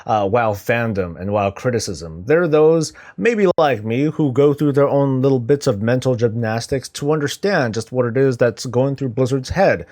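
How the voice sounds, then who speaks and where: A man's voice: mid-range voice, normal speed, hardly any pauses, darkish tone. A man hosting a gaming news show in casual, scripted commentary, with wry, sarcastic asides.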